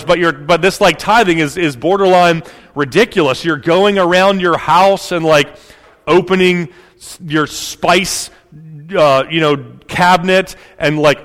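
A man preaching a sermon as pastor, in a casual, animated way with many fillers. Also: high-pitched, measured pace, in a large hall.

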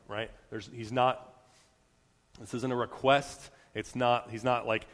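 A young man delivers a sermon in an easy, chatty way, full of fillers and quick restarts. His voice is middle-pitched, and it rings out into a large hall with a long tail of reverb. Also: flat delivery. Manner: conversational, many fillers and restarts, acts out quotes. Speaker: preacher. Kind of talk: casual sermon.

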